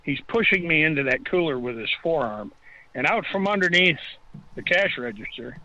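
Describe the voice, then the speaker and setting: A man's voice: a little high, lively intonation, moderate pace, bright, forceful tone, dry recording, dull audio. A man calling in to a radio talk show, telling a story with impassioned, ranting energy. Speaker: caller.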